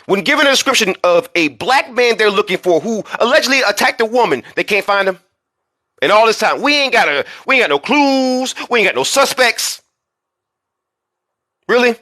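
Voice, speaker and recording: A man with a high, sharp, tense voice delivers an indignant commentary vlog. His pitch swings widely as he fires off rhetorical questions and repeats key words for emphasis. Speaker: commentary channel host.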